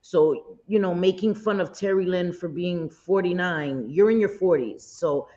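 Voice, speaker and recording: A woman's voice: lowish voice, a little slow, warm tone. A woman hosting a livestream, chatting in a blunt, indignant way with occasional swearing. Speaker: livestream host. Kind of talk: casual gossip commentary. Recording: dull lo-fi stream audio.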